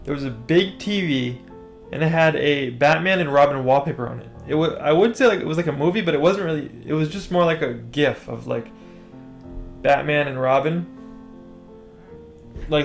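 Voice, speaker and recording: A man's voice: fairly high pitch, moderate pace, vocal fry, faint music behind. A young man telling a story in a rambling, hesitant way, full of fillers and restarts. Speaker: storytime vlogger.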